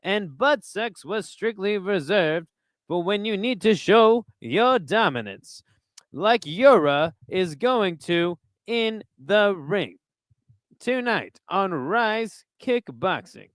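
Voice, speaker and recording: A man doing a comic impression of a pompous old male boxing announcer, with a slow, grandiose cadence, on a live stream. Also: sits high, lively intonation, a bit bright, no echo, studio quality, full character voice. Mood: bombastic.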